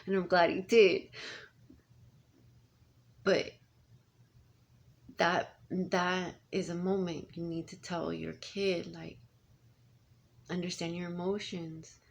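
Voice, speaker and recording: A woman's voice: on the low side, level tone, slow, gravelly, pauses often. A woman in her thirties, a parent, talking in a casual, rambling monologue full of restarts and asides. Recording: faint background noise.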